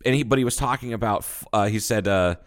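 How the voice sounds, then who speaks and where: A man's voice: on the low side, fast. A man from the United States co-hosting a casual comedy podcast, telling stories with lots of swearing and laughter. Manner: animated storyteller, swears freely, laughs often. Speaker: podcast co-host.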